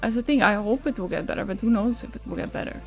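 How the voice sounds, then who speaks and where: Her voice is fairly high, creaky, and darkish, and she talks fast against faint background music. This Twitch streamer has a casual, candid, emotional live chat with her audience, cursing, laughing, and reading out what they write.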